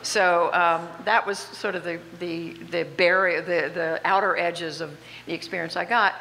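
A woman in her seventies with a slight Southern accent, telling lively, self-deprecating stories as an honored guest on stage. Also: lowish voice, a little slow. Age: 70s. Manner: animated, self-deprecating anecdotes with frequent laughs. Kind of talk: on-stage interview storytelling. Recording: reverberant hall with faint background noise.

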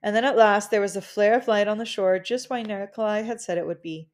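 A woman reading a children's novel aloud in a gentle, measured storytelling manner. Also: mid-range voice. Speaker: audiobook reader.

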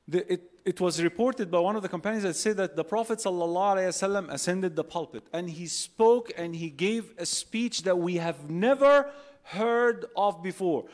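A high-voiced man preaches to a packed convention hall. He talks with animated energy, throws questions at the crowd and acts out little quotes along the way. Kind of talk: religious talk to a live audience. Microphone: holding a phone and a mic on stage.

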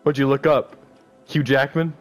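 A man's voice: mid-range voice, flat delivery, moderate pace, soft background music. A man chatting casually during an online game, teasing his friend and laughing a lot. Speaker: gamer. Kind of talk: casual gaming chat.

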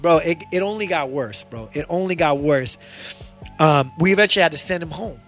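A man hosting a podcast, telling a road story in a casual, animated way and swearing freely. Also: a little high, brisk, soft background music. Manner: animated, acts out voices in his stories, swears freely. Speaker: podcast host.

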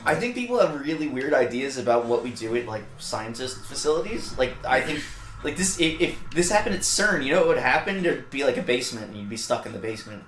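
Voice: medium pitch, big pitch swings, fast talker, echoey room, slight background noise. A friend watching a video game and tossing out wry, rambling asides, sometimes swearing. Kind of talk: casual gameplay banter.

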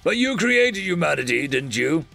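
A man's voice: fairly high pitch, big pitch swings, normal speed, creaky, sharp tone, slightly rough, faint music behind, voice pushed up, heavily acted. A man voicing a cold, arrogant alien official who judges civilizations, speaking bluntly in a storybook reading. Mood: curt. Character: cold arrogant alien male god-assessor.

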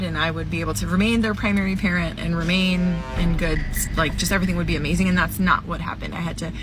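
A swearing woman telling her story over noise. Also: on the low side. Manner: emphatic, swears freely. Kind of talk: casual personal storytelling. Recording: background noise.

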